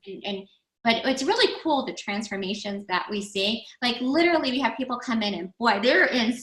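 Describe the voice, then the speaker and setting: Brief: middle-aged woman guest, blunt animated storyteller, bright higher voice, echoey room. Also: brisk. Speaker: guest, recovery center founder. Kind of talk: casual podcast interview.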